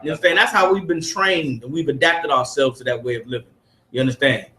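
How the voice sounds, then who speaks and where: Quick and forceful, with a bright medium-pitched voice, a study group teacher reads to his listeners and presses them emphatically with rhetorical questions. The preachy lesson takes place in a room with audible echo.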